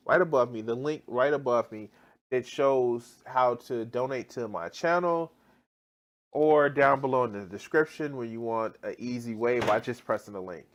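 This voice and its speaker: A man's voice: mid-range voice, moderate pace. A man ranting in a reaction video, exasperated and heavily profane, often restarting mid-sentence. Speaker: video commentator.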